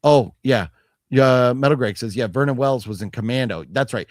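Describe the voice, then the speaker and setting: A man's voice: mid-range voice, normal speed, dry recording, studio quality. A man hosting a casual chat about a movie haul, rambling with restarts and reading chat comments aloud. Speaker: show host.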